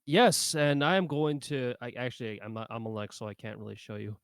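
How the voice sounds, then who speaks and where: A man's voice: medium pitch, steady tone, brisk, clean tone, dry recording, studio quality. A man hosting a casual podcast chat, rambling and easygoing. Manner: rambling, easygoing, lots of fillers. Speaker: podcast host.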